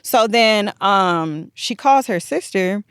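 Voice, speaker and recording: A woman telling a long personal story in casual podcast chat, animated and acting out the dialogue. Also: mid-range voice, slow pace, clean tone, dry recording, studio quality.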